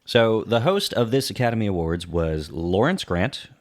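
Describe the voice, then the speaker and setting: A man's voice: fairly low pitch, very animated, normal speed, dry recording, clean studio sound. A man co-hosting a film-history podcast, chatty and musing, with plenty of casual filler. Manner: chatty, musing, lots of "like" and "you know". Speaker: podcast co-host.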